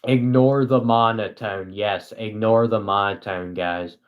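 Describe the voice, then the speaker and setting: A young man rambles to his live chat in a dry, self-deprecating monotone. His pace is slow, and his voice sits a little low. He sounds like a small-time streamer on a casual broadcast. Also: phone-quality sound.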